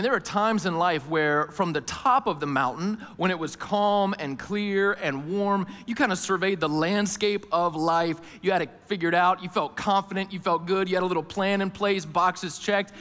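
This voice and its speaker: A man preaching in a sermon voice a little higher than most men's. He tells his story in an animated way and acts out the other voices in it. His words ring with the long reverb of a big church hall. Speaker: pastor.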